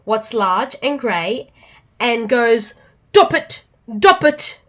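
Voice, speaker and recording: A woman with an Australian accent voicing a muddled little storybook man, in a bright, sing-song way. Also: high voice, big pitch swings, slow, full character voice. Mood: cheeky.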